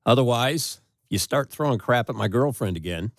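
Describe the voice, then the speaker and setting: A man's voice: medium pitch, animated, moderate pace, dry recording, studio quality. An American man co-hosting a talk radio show, making wry joking asides. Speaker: radio co-host. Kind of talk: casual studio banter.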